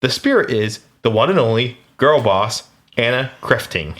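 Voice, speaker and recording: A man's voice: mid-range voice, very animated, normal speed, fairly bright tone. An American man co-hosting a podcast, recounting ghost reports in a laid-back, jokey way with hesitant restarts. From United States. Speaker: podcast co-host. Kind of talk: casual chat, reading paranormal research.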